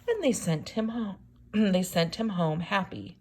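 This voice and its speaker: Animated woman reading a picture book aloud. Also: medium pitch, measured pace, a little hiss or hum. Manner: animated, gasps, asks listeners questions. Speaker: storyteller reading to children.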